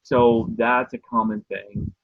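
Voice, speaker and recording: A young man telling a story casually on a video call, hesitant, with many pauses and restarts. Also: medium pitch, flat delivery, no echo. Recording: dry phone-like raspy call audio.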